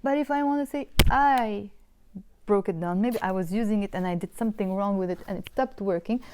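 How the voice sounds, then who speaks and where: A woman with a Lebanese accent teaching Arabic online, explaining patiently and repeating words slowly. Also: medium pitch, noisy background. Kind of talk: online language lesson.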